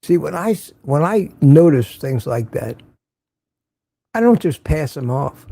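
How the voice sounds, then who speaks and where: An older man hosts a relaxed morning stream and greets his viewers one by one, with a wry aside here and there. His voice is gravelly and mellow, sitting a little high for a man, and it sounds close and dry with no room around it. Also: unhurried, no room sound. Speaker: livestream host. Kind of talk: casual morning livestream chat.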